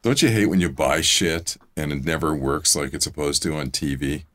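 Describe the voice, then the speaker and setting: A man with a low voice rants in a loose, joking way on a podcast. He swears constantly and laughs at his own story. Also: normal speed, a bit bright. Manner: profane, joking rant with laughs. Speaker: podcast co-host. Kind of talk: casual comedic chat.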